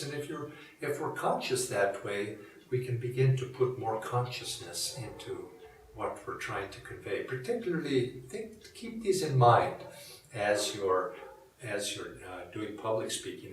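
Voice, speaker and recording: A man giving a reflective spiritual talk in a measured, musing, conversational way. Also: on the low side. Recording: echoey room from a distant mic.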